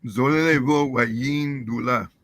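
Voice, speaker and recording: A man with a middle-pitched voice repeats practice phrases in a language class, careful and brief. He answers when called on and keeps it short. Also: slow, a bit bright. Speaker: language student.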